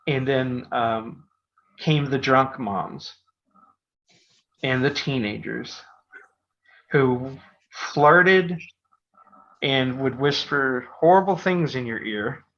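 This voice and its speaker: A man's voice: mid-range voice, a bit bright. Middle-aged man telling a rambling story. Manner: rambling, full of fillers and restarts. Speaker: podcast host. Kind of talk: casual storytelling. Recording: dull lo-fi podcast audio.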